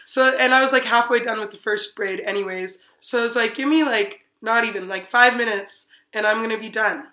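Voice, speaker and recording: A woman's voice: a little high, fairly quick, few pauses, pushed and bright, a little hiss or hum. A woman hosting a podcast, telling a story in casual chat, laughing often and acting out what people said. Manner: giggly, acts out quotes with many "like"s. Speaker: podcast host. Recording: echoey room.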